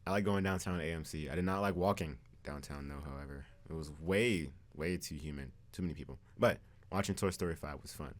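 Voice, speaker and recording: A man's voice: very deep voice, a little fast. A teenage boy interviewing fellow students in a laid-back, teasing casual chat.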